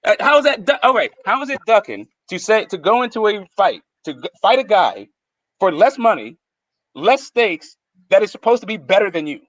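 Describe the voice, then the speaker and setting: A man's voice: sits high, sing-song, normal speed, fairly bright tone, dry recording. A man co-hosting a sports talk show, pushing back on a point with hesitant, filler-filled phrasing. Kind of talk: sports debate. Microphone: podcast mic.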